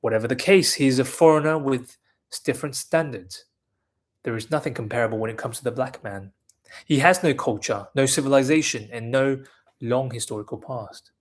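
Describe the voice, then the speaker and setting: A man reading a nonfiction book aloud in a measured, deliberate way, with small restarts now and then. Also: medium pitch. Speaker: reader of a book.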